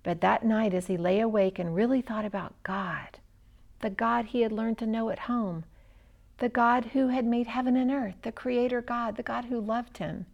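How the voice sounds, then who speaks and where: A woman narrating a children's story expressively, with dramatic pauses. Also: medium pitch, gravelly, darkish tone.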